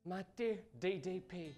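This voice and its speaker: A woman's voice: lowish voice, warm tone. A woman improvising a lovestruck man who reads his rambling love letter aloud on a live comedy stage. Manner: rambling, earnest, breaks into laughter. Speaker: improv performer. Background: live music underscore.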